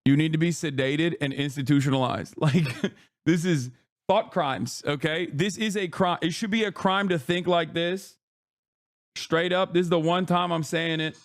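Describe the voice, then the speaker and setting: A man streamer giving casual reaction commentary in an animated, profane, mocking rant. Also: a little high, moderate pace, no echo, clean studio sound.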